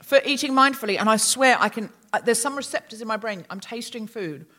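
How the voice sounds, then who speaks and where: This co-host of a live comedy podcast speaks fairly quickly in a voice on the high side. Performing for a live audience at a London concert hall, she chats theatrically and laughs through her explanations.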